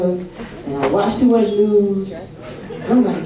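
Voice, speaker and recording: A man's voice: high-pitched, normal speed. A man doing a stand-up comedy set on a club stage, telling stories in a profane, laughing way. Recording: echoey club from far off, crowd.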